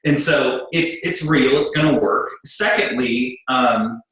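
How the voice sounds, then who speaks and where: Heavy reverb and a rough recording surround this slow, mid-range male voice. A middle-aged man is candidly recounting to an audience how he works in business with his wife, bluntly and animatedly playing out both sides of their back-and-forth.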